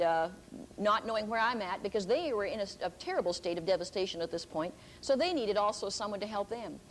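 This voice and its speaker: An older woman giving a Christian teaching talk, telling a personal story earnestly, with pauses and restarts. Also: a little high, a little hiss or hum, poor audio.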